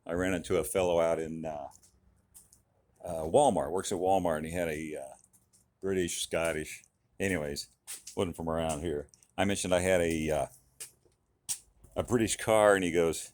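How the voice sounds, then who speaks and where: Folksy deep-voiced man in his garage. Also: steady tone, moderate pace, long pauses, a little mellow. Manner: folksy, enthusiastic, rambling with fillers. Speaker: car hobbyist vlogger. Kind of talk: casual DIY car vlog.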